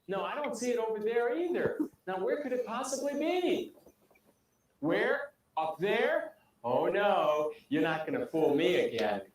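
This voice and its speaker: A man plays a playful male clown with a raised voice that swoops up and down in sing-song patter. He sounds far off in a very echoey space. A steady tape hiss sits under him. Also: sits high, measured pace. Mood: searching, playful. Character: chatty male clown performer. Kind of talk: old educational video acting. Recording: echoey, distant, hissy old videotape.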